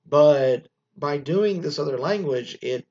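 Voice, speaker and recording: Man, husky voice, rambling opinionated commentary, muffled lo-fi recording. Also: on the high side, expressive, slow, dark tone. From United States. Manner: rambling, with frequent restarts and opinionated asides. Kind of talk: casual commentary, reading news aloud.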